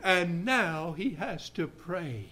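A male preacher with a high, bright, forceful voice delivering a sermon. He speaks slowly and deliberately, quoting old-fashioned scripture. His intensity climbs from hushed phrases into ringing shouts. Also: animated. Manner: King James scripture reading, builds to shouting.

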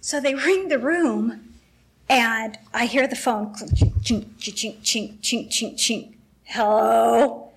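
A woman's voice: fairly high pitch, takes it slowly, gravelly, husky. A middle-aged woman sharing an emotional, rambling personal testimony with a faith group, acting out the dialogue as she tells it.

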